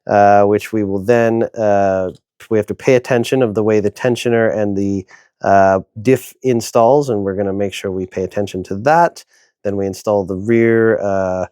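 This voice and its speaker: A man's voice: lowish voice, warm tone, no room sound, studio quality. A man narrating a hobby kit build in a casual, chatty way, thinking aloud with many fillers and sounding tired and yawny. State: yawning, tired. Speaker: hobby video host.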